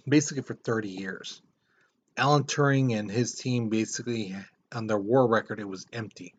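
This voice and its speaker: A male history teacher lecturing a class in a relaxed, conversational way. His voice sits at an ordinary middle pitch. The recording is a little dull and lo-fi. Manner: casual, conversational explaining with repetitions.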